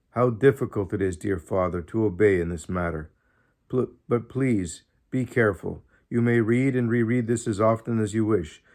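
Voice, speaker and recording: A man reading a diary aloud in an earnest, measured way, pausing often. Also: fairly low pitch, a little mellow. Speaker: audiobook reader. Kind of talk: scripted narration of a diary.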